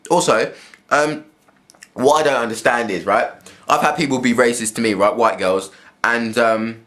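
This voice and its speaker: A man's voice: fairly low pitch, a bit bright. A young man, talking in a blunt, rambling vlog monologue full of swearing and restarts. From England. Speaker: vlogger. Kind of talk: casual spoken monologue.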